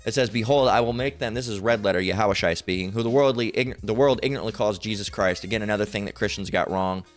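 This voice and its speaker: A man's voice: fairly low pitch, quick pace, faint music behind. A man giving an informal Bible teaching, hesitant and full of fillers, who keeps checking in with "all right?". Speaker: religious teacher. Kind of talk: informal Bible teaching over screen share.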